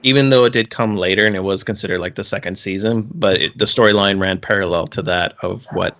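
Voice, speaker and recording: Low-voiced man rambling in casual chat. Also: fast, a bit bright. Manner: rambling, many restarts and "like" fillers. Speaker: podcast co-host.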